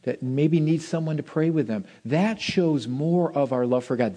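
Male pastor delivering a lively sermon, higher-pitched voice, punchy emphasis and hushed asides. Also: normal speed, few pauses. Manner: animated, swinging between loud emphasis and soft asides.

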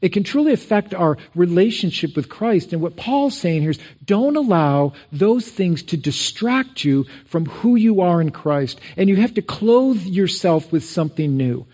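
A man's voice: high-pitched, animated, unhurried, few pauses, darkish tone. A middle-aged man preaching a sermon in a church, talking conversationally, sharing personal stories and repeating words as he goes. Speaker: pastor. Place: church sanctuary.

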